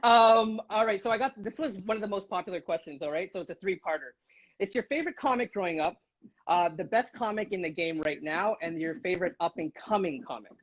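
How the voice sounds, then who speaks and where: A man interviewing a guest, keen and chatty and quick to laugh, with plenty of fillers. His voice comes through dull and lo-fi, with the highs cut away. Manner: enthusiastic, laughs often, many fillers. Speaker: interviewer, host. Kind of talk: casual interview chat. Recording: dull, lo-fi sound.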